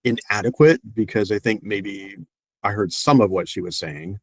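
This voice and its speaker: Slow reflective man, low voice. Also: husky, no echo. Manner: slow, reflective, hesitant with ums. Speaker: client. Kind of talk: therapy session talk.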